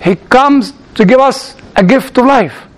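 A man from outside the United States preaching through personal stories, halting and repeating words as he searches, with chuckling asides. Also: very high-pitched. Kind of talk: sermon told as personal stories.

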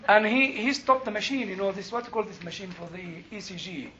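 A man's voice: high voice, fairly quick, dull audio. An older man teaching a Bible class, telling a story with laughter and emphatic outbursts. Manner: animated, laughing, rising to emphatic bursts.

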